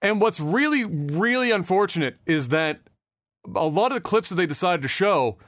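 Guy with a high voice ranting on a podcast, swears a lot, lots of uh and like, dry close sound. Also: animated, moderate pace, fairly bright tone, no echo. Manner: rambling, profane, with many fillers and restarts. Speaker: podcast co-host. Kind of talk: casual chat.

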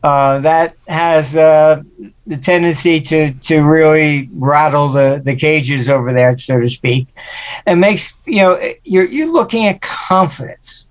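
A man's voice: on the high side, unhurried. An older man, a guest forecaster, telling anecdotes in an interview and acting out the voices he quotes. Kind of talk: interview storytelling.

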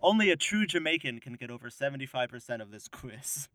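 Bright dry-voiced man reading quizzes. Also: medium pitch, animated, brisk, dry recording. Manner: playful, reads quiz questions aloud. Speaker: podcast co-host. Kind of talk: casual chat.

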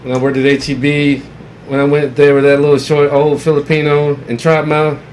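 Halting rambling male storyteller. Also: a little high, completely flat delivery, darkish tone, a little hiss or hum. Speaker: podcast co-host. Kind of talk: casual chat.

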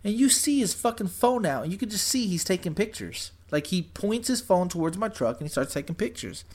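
A young man telling a story in casual chat, animated and profane, saying "dude" and "bro" constantly. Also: high voice, fairly quick.

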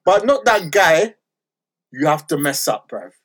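A man's voice: fairly high pitch, big pitch swings, unhurried, crowd noise. A man, hosting a casual football chat in a laid-back, slangy way and laughing between lines. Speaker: podcast host.

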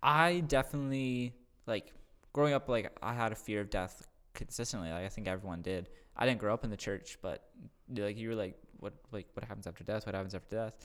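A man's voice: on the low side, brisk, few pauses, a bit bright. Easygoing young-sounding youth pastor, man. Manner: casual, agreeable, many "yeah" and "like". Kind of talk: casual faith chat, asking questions.

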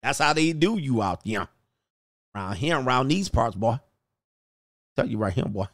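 A man voicing a bigoted, menacing old small-town judge who taunts in a slow drawl. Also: mid-range voice, lively intonation, a bit bright, no echo, studio quality. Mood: threatening. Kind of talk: mock role-play on a livestream.

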